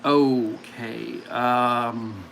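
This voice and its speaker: A man's voice: mid-range voice, fairly even intonation, very slow, gravelly, fairly bright tone, a little hiss or hum. A man hosting a live game stream, chatting playfully and mocking himself with frequent laughs. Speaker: streamer host. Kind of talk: casual live-stream chat.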